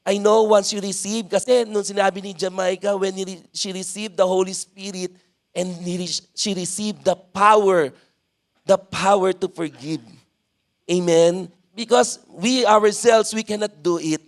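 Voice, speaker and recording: Filipino guy preaching at church, high voice, lots of amens, gets the crowd to repeat stuff. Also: steady tone, normal speed. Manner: mixes in Tagalog, leads congregation responses, frequent "amen". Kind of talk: sermon. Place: church service.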